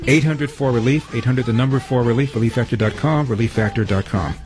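A man hosting a talk radio show, reading phone numbers and sponsor plugs before introducing clips in a brisk commentary. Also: mid-range voice, music in the background.

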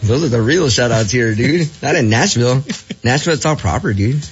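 Laid-back, lively male radio co-host. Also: medium pitch, brisk, dull audio, soft background music. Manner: laid-back, teasing, lots of "like" and "dude". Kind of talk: casual banter.

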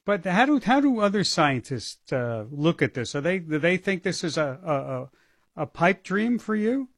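Male interview host, slightly high pitch, curious and probing, dry studio sound. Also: big pitch swings, moderate pace, husky, no echo. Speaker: radio host. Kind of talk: radio interview.

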